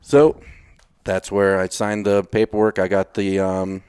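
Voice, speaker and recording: This man's voice sits low and level, measured in pace, a little mellow and smooth, on a dry, studio-quality recording. He's a retired Navy SEAL from Texas, a podcast guest in a casual storytelling interview, speaking bluntly, cursing casually and acting out his own past lines.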